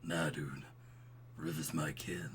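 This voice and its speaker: A man voicing a smooth, laid-back young dad and old college buddy in a slow, deep, buttery drawl for a dating game. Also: fairly even intonation, slight background noise, heavily acted. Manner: slow, mellow drawl ending on "bro".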